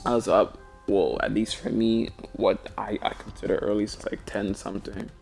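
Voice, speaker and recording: A man's voice: on the low side, little pitch movement, normal speed, gravelly, darkish tone, faint music behind. A tired young man rambling casually about basketball on a stream as host, with many restarts and fillers. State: tired, yawning. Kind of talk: casual sports talk stream.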